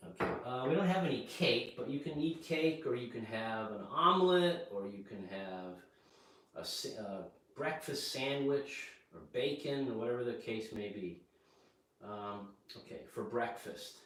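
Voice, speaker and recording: A man gives a slow, step-by-step English lesson, repeating key words and checking in with "okay?". His voice is recorded from across an echoey kitchen, so it sounds distant and roomy. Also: medium pitch, animated, a bit bright. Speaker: English teacher. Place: home kitchen. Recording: echoey room, mic far off.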